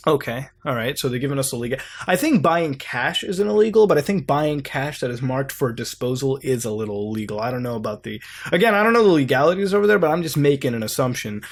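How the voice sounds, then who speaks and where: A man's voice: mid-range voice, quick pace. Man in offhand, swearing commentary. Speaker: host. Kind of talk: casual commentary while browsing websites.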